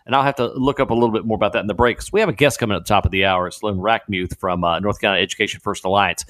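A man guest-hosting a talk radio show, talking in an animated, incredulous way with laughing asides. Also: fairly low pitch, very fast. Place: radio studio.

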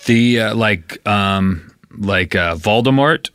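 A man with a lowish voice that still has a bright, crisp edge, recorded close and dry. He talks in halting starts with lots of fillers, playing the deadpan half of a podcast double act. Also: no room sound. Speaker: podcast co-host. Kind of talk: casual comedic banter.

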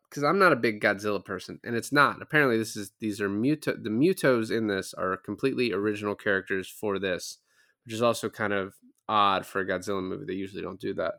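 A young adult man co-hosting a casual movie podcast, recapping scenes with lively, profane commentary. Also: lowish voice, a little fast. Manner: animated recapping with lots of swearing. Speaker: podcast co-host.

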